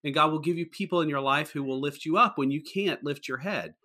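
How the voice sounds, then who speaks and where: Male pastor, podcast co-host, earnest and rambling, bright tone. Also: a little high, a little fast. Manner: earnest, rambling with many restarts. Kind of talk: casual podcast conversation.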